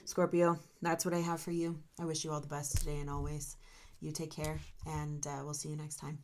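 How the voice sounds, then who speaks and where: A woman's voice: low-pitched, monotone, fairly quick, darkish tone, slight background noise. A woman doing a solo tarot reading, talking straight to her viewers in an emotional, encouraging way. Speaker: tarot reader.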